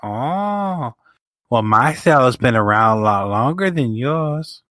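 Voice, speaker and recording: A man voicing a fussy, disappointed middle-aged mother with a drawn-out, sing-song delivery. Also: mid-range voice, lively intonation, fairly bright tone, no room sound, clean studio sound. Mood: huffy.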